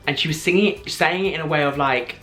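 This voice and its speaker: A man's voice: fairly high pitch, fast talker, bright, forceful tone, faint music behind. Gushing young man telling a story. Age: 20s. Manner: gushing, breathless retelling full of "like" and "I was like". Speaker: vlogger. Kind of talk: excited personal storytelling.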